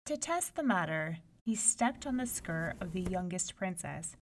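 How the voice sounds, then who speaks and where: A woman reading a fairy tale aloud in an expressive, animated storytelling style. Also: fairly low pitch, unhurried.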